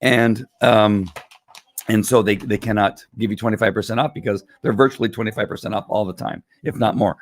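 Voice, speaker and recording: A man streaming live from home, talking casually to viewers with a hoarse, tired voice, rambling with many fillers and throat clearing. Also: on the low side, fairly even intonation, brisk, slight background noise. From Southern California. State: hoarse, losing his voice. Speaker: live stream host selling wellness products. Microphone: computer or phone camera.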